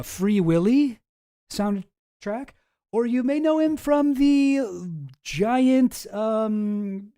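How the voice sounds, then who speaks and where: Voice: mid-range voice, warm tone. A streamer giving casual commentary on news files, rambling, sarcastic and swearing freely, with many restarts.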